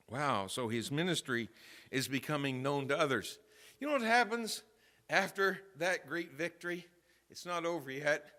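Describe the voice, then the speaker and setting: Bright-voiced man preaching a sermon. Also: a little high, moderate pace. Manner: animated storytelling, swings from quiet to loud emphasis. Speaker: pastor. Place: church sanctuary.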